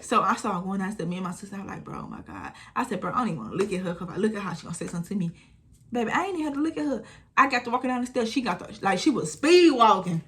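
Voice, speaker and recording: A young woman, telling a storytime vlog in a casual, animated way, acting out what people said. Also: mid-range voice, very fast, slight background noise. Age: 20s. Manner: animated retelling, acting out quotes, frequent swearing. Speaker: storytime vlogger.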